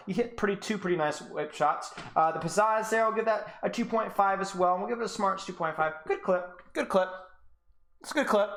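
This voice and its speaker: A man's voice: sits high, lively intonation, fairly quick, fairly bright tone. A man coaching players on a live stream, rambling and sarcastic as he rates game clips and keeps interrupting himself. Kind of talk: live-stream clip review.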